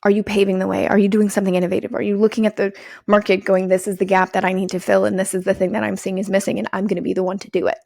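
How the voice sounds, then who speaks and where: Woman, gravelly voice, dry close mic, energetic podcast pep talk, swears freely. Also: medium pitch, very fast, no room sound. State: out of breath. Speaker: podcast host and business coach. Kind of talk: solo podcast monologue.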